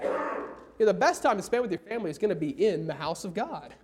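A man preaching a sermon, slowing down hard on key phrases and reading scripture aloud. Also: high-pitched, very animated, a little mellow, husky. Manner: emphatic, slows down for key phrases.

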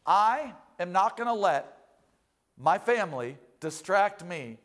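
A male pastor preaching a sermon in church, reading scripture and explaining it with animated emphasis, rising loud at key points and dropping low when he acts out quoted lines. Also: slow pace.

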